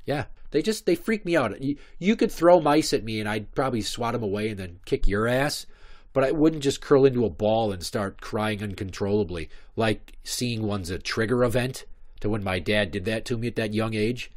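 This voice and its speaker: A man's voice: lowish voice, normal speed. A man in his thirties hosting a podcast, telling stories in a rambling, profane comic monologue. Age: 30s. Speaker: podcast host.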